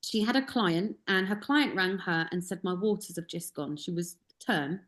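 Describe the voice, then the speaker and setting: Animated woman telling a story. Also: fairly low pitch, normal speed. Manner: animated storyteller, acts out quotes. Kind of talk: casual group discussion, storytelling.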